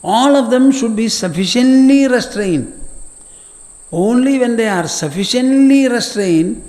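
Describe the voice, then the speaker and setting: Slow, high-voiced elderly teacher. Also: male voice, expressive, darkish tone. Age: older. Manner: deliberate, earnest, exhorting. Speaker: spiritual teacher. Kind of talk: scripture lecture. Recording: long hall reverb.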